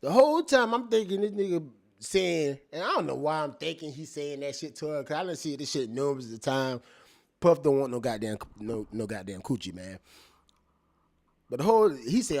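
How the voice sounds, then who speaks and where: A man giving casual, profane commentary, animated and laughing, repeating phrases as he reacts. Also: on the high side, normal speed. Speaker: commentator reacting to court testimony.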